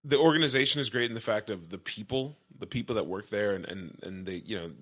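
A man's voice: on the low side, expressive, fast talker, fairly bright tone. A young man, a former football player chatting as a podcast guest, laid-back and laughing, restarting his sentences. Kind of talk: casual chat.

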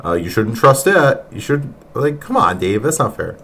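A man's voice: mid-range voice, very animated, moderate pace, fairly bright tone, slight background noise. A man hosting a podcast who reacts to clips in an exasperated, mocking way and laughs often. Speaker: podcast host.

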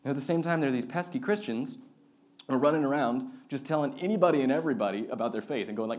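A man in his thirties, a pastor, preaching a sermon with lively personal stories and acted-out voices. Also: mid-range voice, fast. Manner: animated storytelling, acts out quoted voices.

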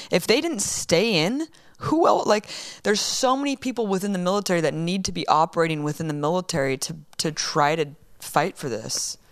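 A young woman telling a story in a casual interview, emotional and rapid, swearing often. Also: fairly low pitch, no echo, clean studio sound. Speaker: guest.

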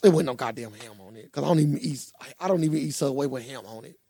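A young man co-hosting a podcast, telling a story in a casual, animated way and swearing freely. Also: mid-range voice, racing. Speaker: podcast co-host. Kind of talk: casual chat.

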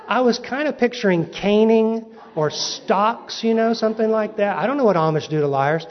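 A man preaching, telling a humorous personal story with lively comic timing. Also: high voice, fairly quick, few pauses. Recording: dull recording in a reverberant hall.

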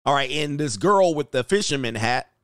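A man's voice: mid-range voice, expressive, moderate pace, fairly bright tone, dry recording, clean studio sound. A man hosting a casual reaction commentary, joking and laughing as he talks in slangy street style. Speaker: commentary video host. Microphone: headphones.

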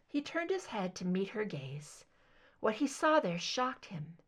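A woman reading fan fiction aloud with expressive narration. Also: mid-range voice, takes it slowly, breathy edge. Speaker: reader.

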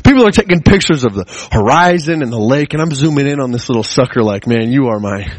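A man's voice: on the high side, fast talker, dry recording, low-quality recording. Chatty, rambling preacher man, dry sound. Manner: chatty, rambling storyteller with frequent chuckles and restarts; animated, swings between excited and hushed. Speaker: guest preacher. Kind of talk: sermon opening with a casual personal story.

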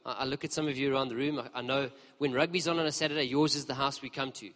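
A preacher telling a story in a sermon, lively and conversational as he speaks to the congregation in a church hall. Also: medium pitch, very fast. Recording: long reverb of a large hall.

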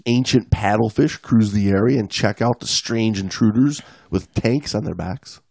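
A man's voice: lowish voice, normal speed, vocal fry, a little mellow, dry recording, clean studio sound. A man in his forties co-hosting a podcast, reading an article aloud and dropping in wry casual asides. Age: 40s. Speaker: podcast co-host.

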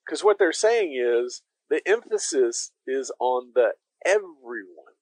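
A man's voice: medium pitch, lively intonation, slow, darkish tone, dry recording, poor audio. A man preaching a conversational sermon as pastor, emphatic and speaking directly to his listeners.

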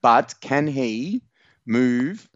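A man's voice: medium pitch, expressive, drawn-out words, no room sound, highs cut off. An Australian man co-hosting a podcast, ranting profanely and mocking a listener in crude sports banter. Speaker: podcast co-host. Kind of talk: crude fantasy football banter.

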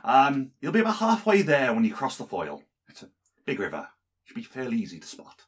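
A man's voice: medium pitch, wildly swooping pitch, brisk, breathy edge. A man voicing a friendly local farmer who gives directions in an easygoing way.

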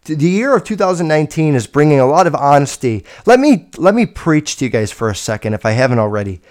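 A young man hosting a casual solo podcast, telling stories in a blunt, rambling way full of swearing, with loud bursts and low mutters. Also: big pitch swings, fast. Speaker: podcast host.

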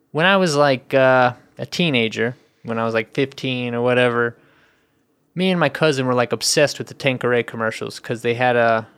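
A man in his thirties, a podcast co-host, telling a story in a rambling, animated way that is full of swearing. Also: medium pitch, smooth, no echo. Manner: rambling, animated, profane, heavy "I was like". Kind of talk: casual storytelling chat.

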